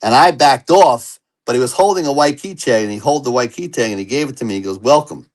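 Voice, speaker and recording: A man who is an interview guest, telling his personal recovery story in an earnest and animated way. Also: medium pitch, quick pace, low-quality recording.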